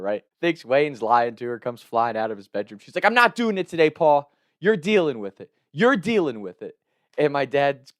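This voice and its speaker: A man's voice: mid-range voice, smooth, no room sound. A man telling a personal story in a casual way, often laughing as he talks. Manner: laughs often while talking, animated retelling.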